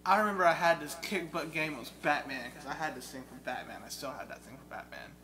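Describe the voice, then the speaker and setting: A young man in a casual chat about video games, an excitable storyteller who mimics game sounds. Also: fairly high pitch, fast talker, a crowd in the background. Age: young adult. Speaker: guest. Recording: loud steady hum behind.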